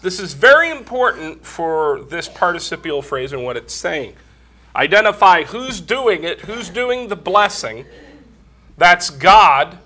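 A man's voice: high voice, pushed and bright. A man preaching a Bible lesson, explaining grammar step by step, congested and coughing from a cold. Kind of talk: Bible teaching sermon.

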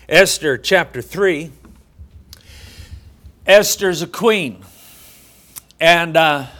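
A middle-aged male pastor preaching a sermon, telling a folksy story with many halting fillers. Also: on the high side, a bit bright.

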